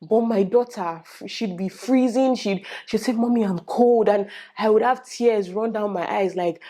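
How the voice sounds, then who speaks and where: A young Nigerian-accented woman talks straight to her viewers in a relaxed vlog. She tells her stories with animation, slipping into Pidgin and acting out what people said. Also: mid-range voice, normal speed. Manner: animated storytelling with lively quoted voices and Pidgin asides. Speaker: vlogger. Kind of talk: casual vlog chat.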